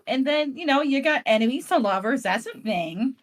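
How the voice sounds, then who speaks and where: A young woman rambles playfully as she plays her character at a tabletop game. Her voice sits a little high and swings widely in pitch. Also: expressive, a little fast, hardly any pauses. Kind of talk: casual in-character roleplay chat.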